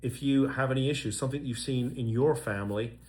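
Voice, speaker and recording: A man's voice: mid-range voice, fairly quick, a little mellow. A middle-aged man, a lawyer, talking casually to camera in an earnest way, with lots of ums and repeated words. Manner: earnest, repeats himself, many fillers.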